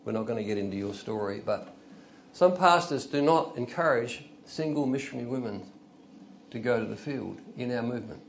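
A man's voice: mid-range voice, lively intonation, brisk, creaky, slight background noise. Older man preaching a folksy sermon. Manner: conversational, storytelling, chuckles, rises to emphatic bursts. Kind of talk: informal sermon.

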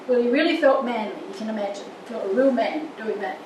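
A woman's voice: a little high, fast, hardly any pauses. An older woman teaching a church marriage course, earnest and storytelling, acting out little quotes. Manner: earnest, with lively anecdotes and acted quotes. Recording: echoey room, distant mic, background noise.

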